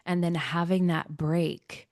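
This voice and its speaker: A woman's voice: fairly low pitch, fairly even intonation, slow pace, darkish tone, dry recording, clean studio sound. A woman hosting a podcast interview, speaking in a thoughtful, empathetic way. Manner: thoughtful, empathetic, relating to her own experience. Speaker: podcast host. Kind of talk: casual interview chat.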